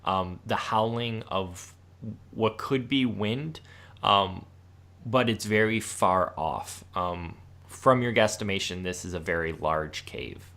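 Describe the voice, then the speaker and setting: A man running a tabletop role-playing game as game master, narrating in a halting way with many fillers. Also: on the low side, bright, forceful tone.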